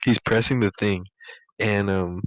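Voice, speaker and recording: A young man with a fairly low voice tells his school stories in a loose, rambling way, stacking up "like" and laughing as he goes. The sound is dry and close, with no room in it. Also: steady tone, a little slow, no room sound, rough recording. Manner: rambling, laughing, full of "like" fillers. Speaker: podcast co-host. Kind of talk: casual storytelling chat.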